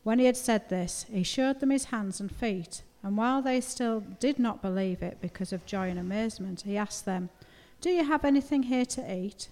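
A woman reading a Bible passage aloud to a congregation in a steady, measured way. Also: mid-range voice. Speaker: scripture reader. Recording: reverberant hall recording.

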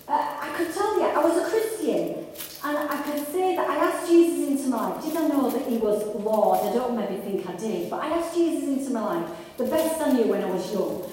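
Her voice sitting high with a darkish tone, a woman preaches an earnest, conversational sermon to a congregation in a church hall, restarting frequently and growing more fervent. She is animated and moves at a moderate pace. The recording is echoey and distant, with slight background noise.

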